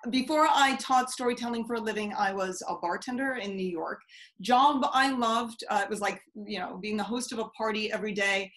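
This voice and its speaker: A woman's voice: mid-range voice, poor audio. A woman who teaches storytelling, telling a personal story in a conversational way with plenty of fillers, over a video call. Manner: lively, conversational, with many fillers.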